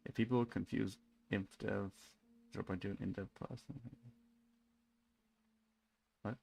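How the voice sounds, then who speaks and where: A man's voice: lowish voice, steady tone, measured pace, creaky, a little mellow, slightly rough. A young man rambling wryly through casual live-stream chat while playing a game, with many restarts. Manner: rambling, wry, frequent restarts. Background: faint music.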